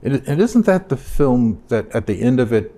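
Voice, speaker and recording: A man interviewing a guest, asking thoughtful, measured questions in casual conversation. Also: mid-range voice, very animated, mellow.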